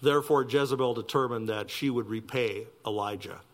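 A man, preaching a sermon with animated delivery that climbs loud and high for emphasis and drops to near whispers. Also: a little fast. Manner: animated preaching, rising loud and high for emphasis, dropping soft for quiet lines. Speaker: pastor.

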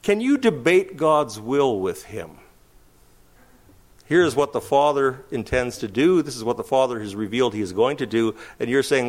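Lively-pitched male preacher. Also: a little slow. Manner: animated preaching, rhetorical questions, occasional chuckles. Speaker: pastor. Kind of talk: sermon.

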